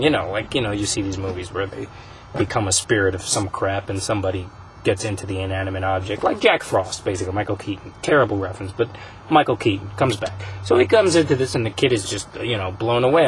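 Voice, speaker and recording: A man hosting a casual podcast, rambling through a story pitch with many fillers. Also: fast, slight background noise, rough recording. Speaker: podcast host.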